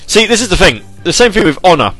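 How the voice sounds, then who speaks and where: A man's voice: high voice, sing-song, quick pace, fairly bright tone, soft background music. A young British man presenting an internet radio show, chatting casually in a rambling, self-mocking way and sometimes putting on an announcer voice, his throat sore from it. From Britain. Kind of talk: casual live radio chat.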